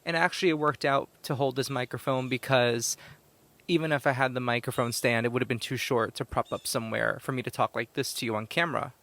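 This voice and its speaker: A man hosts a relaxed solo podcast from outdoors. His talk is chatty and meandering, full of self-corrections, and he speaks into a handheld microphone. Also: mid-range voice, brisk. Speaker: podcast host, psychic medium. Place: outdoors in a cemetery. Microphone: handheld microphone recorded to a tablet.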